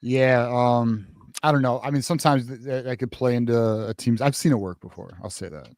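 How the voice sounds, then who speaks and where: A man hosting a sports call-in show, relaxed and steering the talk between topics. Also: mid-range voice, fairly quick, no echo.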